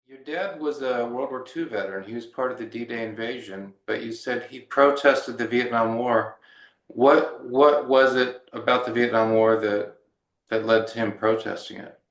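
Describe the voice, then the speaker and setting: A man interviewing a veteran, asking plain and measured questions. His voice has an ordinary middle pitch, and the room is roomy and echoey around him. He sounds a little far from the microphone. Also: fairly bright tone.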